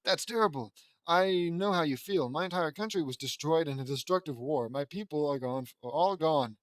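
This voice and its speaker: A brave young superpowered heroine with wings talks plainly, read by a male narrator. The voice sits a little high. The recording is dry and close. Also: moderate pace, no echo, lightly acted. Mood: earnest.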